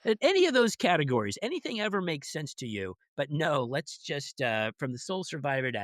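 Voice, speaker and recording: A man's voice: a little high, wildly swooping pitch, a little fast, hardly any pauses, a bit bright, no room sound, clean studio sound. A middle-aged man co-hosting a podcast, rambling wryly and mock-quoting people. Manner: rambling with restarts, wry, mock-quotes people. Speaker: podcast co-host. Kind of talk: casual chat.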